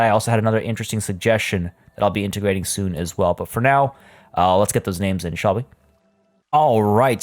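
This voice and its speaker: A man's voice: mid-range voice, a little mellow. Chatty male gaming commentator. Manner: chatty, rambling with frequent fillers. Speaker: gaming YouTuber. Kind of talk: casual let's play commentary.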